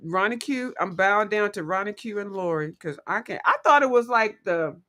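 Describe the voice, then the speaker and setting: A woman hosting a casual livestream, chatting playfully with viewers and quick to laugh. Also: mid-range voice, expressive, fairly bright tone. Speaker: livestream host.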